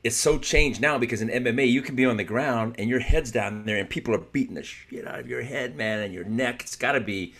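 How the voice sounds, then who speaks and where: A man's voice: mid-range voice, brisk, few pauses, a bit bright. A middle-aged man chatting casually as a martial arts instructor, candid and self-mocking, who swears freely. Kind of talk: casual chat.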